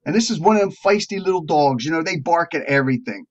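A man preaching to a recovery group, telling a parable slowly and drawing out words with emphatic rises. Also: a little high, animated, background noise. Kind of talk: sermon storytelling. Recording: dull lo-fi recording.

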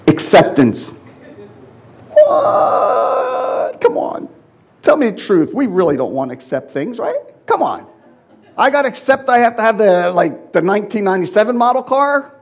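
A middle-aged male preacher giving a sermon with personal testimony, swinging from loud, high exclaiming to quiet, low confiding. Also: very animated, brisk, breathy edge.

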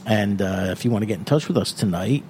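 A man's voice: lowish voice, quick pace, slight background noise. A man hosting a radio show in a studio, joking and laughing often between announcements. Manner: jokey, laughs often, lively announcer delivery. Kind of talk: casual studio radio chat.

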